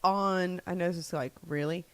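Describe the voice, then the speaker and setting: A woman's voice: on the low side, steady tone, normal speed, a bit bright, no room sound. Chatty woman co-host, dry sound. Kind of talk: casual chat.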